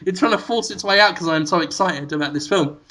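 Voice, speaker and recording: A man, a podcast co-host pitching a silly movie idea to his friends in rambling storytelling style, laughing at his own jokes. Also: fast talker, sharp tone. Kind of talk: comic movie pitch to co-hosts.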